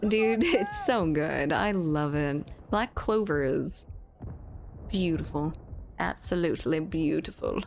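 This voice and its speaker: A woman's voice: low voice, animated, slow pace, vocal fry, a little hiss or hum. A woman streamer chatting casually with viewers while gaming, laughing often and swearing freely.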